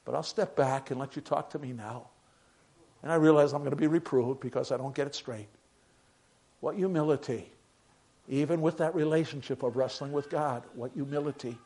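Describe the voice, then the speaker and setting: An older man preaching a sermon, moving between quiet reflective passages and emphatic raised declarations. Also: mid-range voice, moderate pace.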